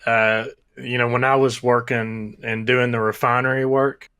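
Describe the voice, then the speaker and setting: A man's voice: medium pitch, level tone, moderate pace, bright, forceful tone, smooth. A young man in his twenties, a guest on a podcast, speaking in an earnest, laid-back way with a lot of fillers. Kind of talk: casual podcast chat.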